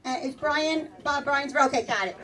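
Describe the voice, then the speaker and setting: A woman's voice: high voice, moderate pace, a bit bright. Brash middle-aged New woman comic. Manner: brash, chatty, laughing through punchlines. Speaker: stand-up comedian. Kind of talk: stand-up comedy set. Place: comedy club stage with audience. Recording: distant club recording with crowd laughter.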